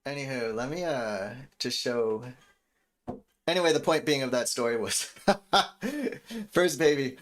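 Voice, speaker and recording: Animated, chatty man producing beats live. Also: medium pitch, a little slow, pauses often. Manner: animated, rambling, chatty with viewers. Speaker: music producer streaming a beat session. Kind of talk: casual livestream chat while making beats. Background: faint beat music.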